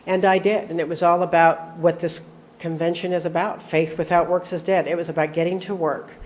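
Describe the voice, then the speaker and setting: A woman's voice: lowish voice, little pitch movement, fairly quick, a little mellow. A middle-aged woman telling her personal recovery story to an audience, with wry, self-deprecating humor and acted-out dialogue. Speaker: recovery meeting speaker.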